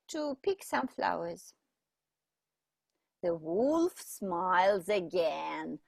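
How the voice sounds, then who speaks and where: Slow, lively woman reading to kids. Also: fairly high pitch, gravelly, no room sound. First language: Russian. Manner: slow, expressive, pointing at pictures. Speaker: English teacher for children. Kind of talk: reading a picture book aloud to children.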